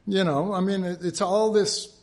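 A man's voice: high voice, fairly even intonation. An older man preaching a conversational sermon, folksy, stretching out his emphatic phrases and acting out what people say. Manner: folksy, acts out quotes, drawn-out emphatic phrases.

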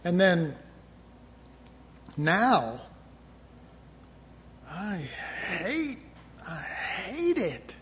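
A man's voice: high voice, wildly swooping pitch, very slow, pauses often, fairly bright tone, a little hiss or hum. Conversational middle-aged male preacher. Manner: conversational preaching, acting out quoted voices. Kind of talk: sermon.

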